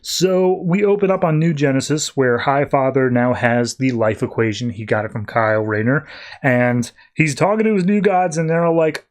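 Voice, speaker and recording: A man's voice: mid-range voice, moderate pace. A man hosting a podcast, casually reviewing comic books in a rambling way with many fillers. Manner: rambling, filler-heavy recap. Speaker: podcast host.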